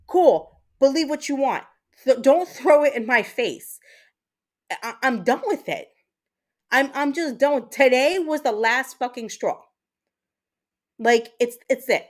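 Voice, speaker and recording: A woman with a high voice hosts her own livestream. She talks straight to her viewers in an angry, blunt rant and swears freely. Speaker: livestream host.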